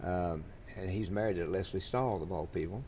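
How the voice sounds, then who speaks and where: An older man with a drawl sits for an interview and tells his stories in a low voice. He wanders and restarts his sentences, leaning on plenty of fillers along the way. A faint rumble sits under the recording. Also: normal speed, a little mellow. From Louisiana, USA. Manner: rambling, many fillers and restarts. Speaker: interviewee, country singer. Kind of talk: storytelling in an interview.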